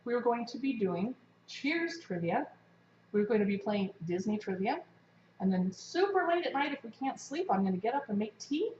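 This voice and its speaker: A woman of medium pitch hosts an easygoing cooking livestream at home, talking with her viewers while she cooks and eats. There's a little hiss or hum, and the kitchen sounds echoey and slightly dull.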